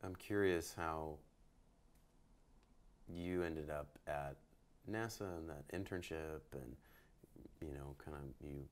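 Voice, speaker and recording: A man's voice: a bass voice, takes it slowly, pauses often. A man hosting a casual interview, asking curious, probing questions. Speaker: host.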